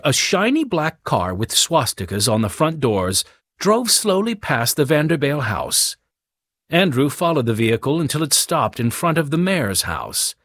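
A male narrator reading an audiobook with clear, expressive storytelling. His pitch moves in a lively way around a middle register, and the studio sound is dry and close. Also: dry recording.

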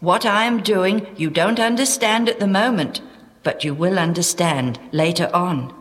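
A woman voicing a calm, gentle grown male teacher in a storybook reading, speaking in a measured way. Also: fairly low pitch, long reverb tail, lightly acted.

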